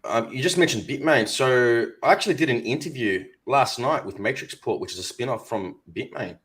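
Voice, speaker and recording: A man co-hosting a live crypto stream, reading viewer comments and giving upbeat shout-outs. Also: medium pitch, lively intonation, a little fast. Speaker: co-host reading live chat. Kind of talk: casual live-stream chat.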